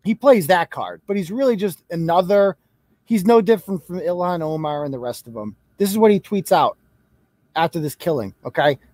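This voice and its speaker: A man's voice: high-pitched, lively intonation, moderate pace, a little mellow, dry recording. Profane sarcastic man ranting. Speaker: host. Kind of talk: live show rant.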